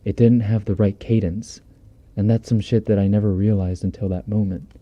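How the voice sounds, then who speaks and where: A man's voice: lowish voice, steady tone, moderate pace, dark tone, muffled recording. A man reading a horror story aloud on a stream in a laid-back, profane, conversational way, close on a binaural mic. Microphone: binaural dummy-head mic.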